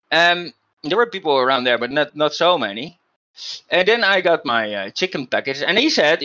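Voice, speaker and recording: A man's voice: medium pitch, sing-song, normal speed, pushed and bright, muffled recording. A man hosting a podcast, telling a story in a casual, emphatic way with frequent restarts. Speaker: podcast host.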